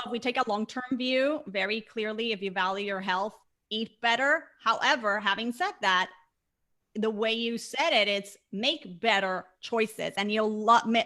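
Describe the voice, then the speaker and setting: Bright-voiced earnest woman guest. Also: mid-range voice. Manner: earnest and emphatic, stressing words with repetition. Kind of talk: conversational interview.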